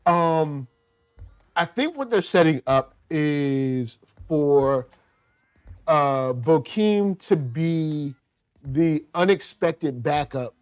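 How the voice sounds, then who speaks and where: A man hosting a casual review show, talking in animated slang and acting out characters in quick asides. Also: a little high. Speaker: show host reviewing a TV series.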